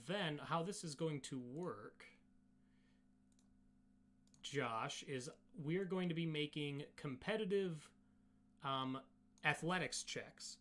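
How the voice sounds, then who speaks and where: A man's voice: on the high side, pushed and bright. A man narrating as game master in a casual, rambling way with many fillers. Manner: casual, filler-heavy, restarts often.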